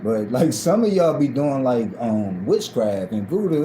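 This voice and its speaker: A man chatting loosely on a live video, swearing freely and laughing through his stories. His voice is very dark and mellow and his pace is unhurried. The sound is roomy, with echo around him. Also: medium pitch, big pitch swings, a little hiss or hum. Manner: profane, laughing often, loose and rambling. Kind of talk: casual gossip chat.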